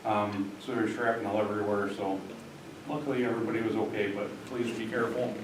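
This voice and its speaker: A man giving a report at a village board meeting, halting with many ums and restarts. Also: lowish voice, level tone. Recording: echoey room from far off, background noise.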